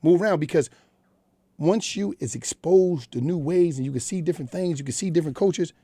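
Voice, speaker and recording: His voice runs a bit high and a little fast, warm and husky, with no echo. A middle-aged Philadelphia-accented radio guest in a studio, he gives candid interview talk full of blunt, profane street storytelling.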